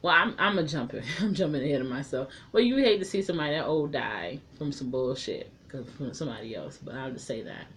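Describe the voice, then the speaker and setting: A woman's voice: a bass voice, animated, fast talker, few pauses, a little hiss or hum. A woman casually recapping and reviewing a TV episode, chatty and frank, swearing freely.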